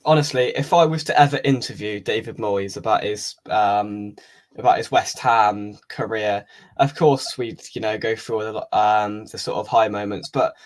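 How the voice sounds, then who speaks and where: A man's voice: on the low side, moderate pace. A man hosting a casual football podcast, telling rambling match-day stories. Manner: chatty, rambling storyteller. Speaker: podcast host.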